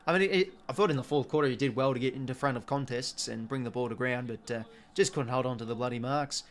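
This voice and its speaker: A young Australian man hosting a live watch-along, calling the match casually with excitable bursts and the odd mild swear word. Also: medium pitch, quick pace.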